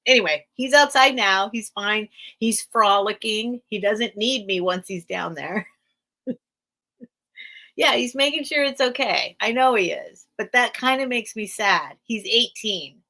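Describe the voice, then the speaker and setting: Casting note: American woman, livestream sale host, bright forceful tone, chatty and rambling. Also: medium pitch, animated, measured pace. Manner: rambling, chatty, laughs often. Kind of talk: casual livestream chat.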